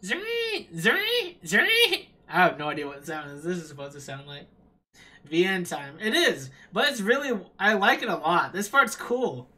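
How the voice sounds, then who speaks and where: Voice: mid-range voice, expressive, moderate pace, pushed and bright, rough recording. A streamer reading a visual novel aloud on a live stream, with playful, self-mocking asides.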